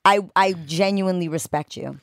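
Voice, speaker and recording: A woman, chatting as a podcast guest. She is playful and animated and full of slang. Her voice is close to the mic and dry. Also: lowish voice, normal speed, creaky, no room sound. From New York. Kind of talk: casual podcast chat.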